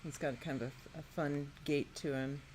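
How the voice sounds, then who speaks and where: A woman with a deep voice and steady tone thinks aloud at a moderate pace while building and playtesting her own game. She muses to herself casually, curious and tinkering, with background noise audible.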